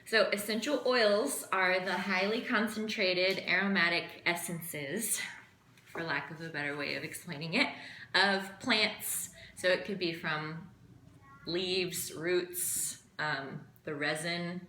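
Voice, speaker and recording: A woman teaching an impromptu class in a casual chatty way, full of fillers and quick asides. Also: on the low side, sharp tone, reverberant, a little hiss or hum. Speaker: essential oil class teacher. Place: room with background noise.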